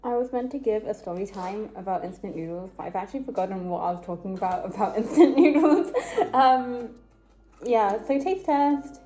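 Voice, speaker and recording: A woman's voice: medium pitch, animated, moderate pace. A young adult woman vlogging on the go at a busy convention, giggly and hyped, talking to her viewers as "gang". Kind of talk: handheld vlog talking to camera. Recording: loud convention crowd and blaring music.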